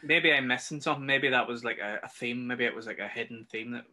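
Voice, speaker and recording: Talking fast in a pushed, bright, mid-range voice, this Northern Irish co-host rants through a casual film review chat. He swears freely and acts out scenes with raised voices.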